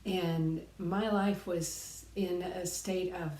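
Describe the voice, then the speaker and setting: A woman's voice: lowish voice, steady tone, takes it slowly, mellow, roomy sound. A middle-aged woman giving an earnest, reflective personal talk, sharing life lessons and pressing her points with emphatic repetition.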